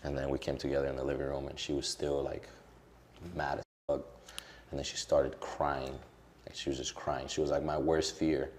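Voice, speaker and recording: A young man with an extremely deep voice talks casually in an interview, full of fillers. He speaks candidly and with strong emotion. A faint hiss sits behind him. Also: monotone, fairly quick, a little mellow. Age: young adult. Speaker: social media creator as guest.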